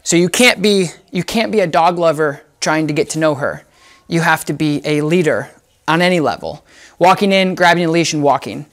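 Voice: medium pitch, normal speed. A dog trainer explaining in a casual, emphatic way, repeating phrases for effect while working with a dog. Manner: talks to the dog in soft whispers between explanations. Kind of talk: casual instructional talk.

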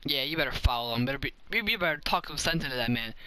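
A man giving excited gameplay commentary, full of playful trash talk and sudden yells. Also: medium pitch, rapid-fire, clean tone. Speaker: gamer and commentator.

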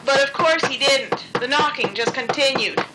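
A woman reading a storybook aloud as its narrator, in a gentle, expressive manner. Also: high-pitched, moderate pace, very noisy.

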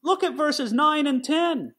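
A man's voice: very high voice, slow pace, pushed and bright. A man giving a sermon-style Bible teaching, earnest and putting questions straight to his listeners.

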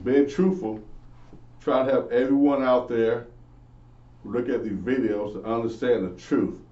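A man's voice: mid-range voice, steady tone, measured pace, dark tone. Earnest man teaching the Bible, echoey. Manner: earnest, preachy, asks and answers himself. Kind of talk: informal Bible lesson. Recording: echoey, distant, dull lo-fi.

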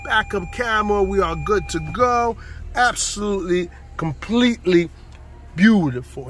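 A man's voice: high-pitched, lively intonation, unhurried, a bit bright, faint music behind. A man selling used cars in a casual walkaround video, with playful, hyped-up patter and lots of repetition, recorded outdoors on a car lot.

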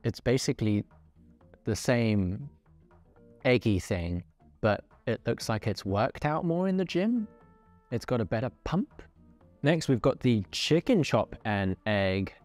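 A man's voice: on the low side, a little mellow. A man casually presenting and reviewing food on camera, chatty and jokey with playful asides.

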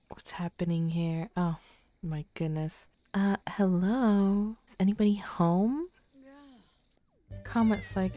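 A woman hosting a game playthrough, giving casual commentary in a soft-spoken way that drifts into whispers. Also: fairly low pitch, slow pace. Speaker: let's play host.

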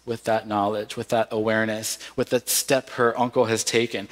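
A pastor preaching a sermon in an earnest, measured way, with cries of lament now and then. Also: male voice, medium pitch, fairly even intonation. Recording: long hall reverb.

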